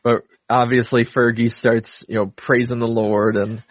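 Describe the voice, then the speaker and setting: A male podcast co-host casually retells a film's plot, rambling with many fillers and laughs. His medium-pitched voice is flat and unhurried, and the audio is dull with no echo.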